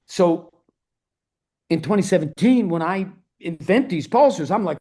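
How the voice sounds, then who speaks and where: A man's voice: sits high, animated, a little slow, mellow. A middle-aged man as an interview guest, talking in a fired-up, emphatic and profane way. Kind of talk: podcast interview.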